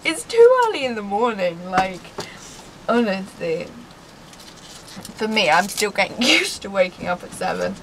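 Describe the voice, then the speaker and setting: A woman's voice: mid-range voice, very animated, a little slow, long pauses. A young woman chatting in a casual vlog in a windy garden, giggly and talking in sing-song baby talk to her pets. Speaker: vlogger. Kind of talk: casual outdoor vlog chat. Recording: wind noise outdoors.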